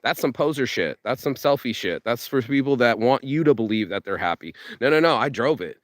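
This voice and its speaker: A man giving a fired-up motivational rant, cursing freely and tripping over his words as he pushes ahead. His voice sits at an ordinary middle pitch. The sound is dry and close, with no room around it. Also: expressive, a little fast, no echo. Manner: profane, fired-up, rambling with restarts. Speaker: vlogger. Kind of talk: motivational monologue.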